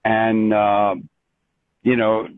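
An older man, a composer, telling stories in an interview with many restarts and an animated, rambling manner over a remote call. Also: on the low side, extremely slow, smooth, dry recording. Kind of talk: storytelling in an interview. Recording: dry tinny phone-like line.

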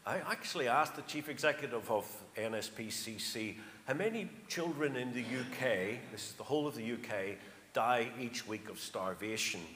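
A man's voice: mid-range voice, animated, moderate pace, a bit bright. Man with a County Armagh accent. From Northern Ireland. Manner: chatty, anecdotal, emphatic with numbers. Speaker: charity speaker. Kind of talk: church talk. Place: church. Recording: echoey church hall, faint noise.

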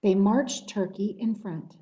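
A woman librarian reading a picture book aloud at a library story time, with gentle, expressive storytelling. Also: medium pitch, takes it slowly. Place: public library room. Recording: roomy echoey room.

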